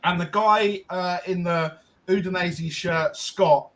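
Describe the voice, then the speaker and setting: A man's voice: high-pitched, fairly even intonation, slow pace, a crowd in the background, poor audio. A man co-hosting a podcast, telling a long casual story with lots of ums and restarts. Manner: rambling, frequent ums and restarts. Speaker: podcast co-host.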